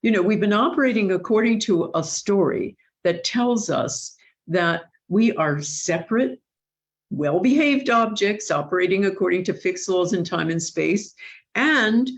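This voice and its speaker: A woman hosts a live online Q&A, her medium-pitched voice lively in intonation and measured in pace. She speaks earnestly and thoughtfully, often restarting her sentences.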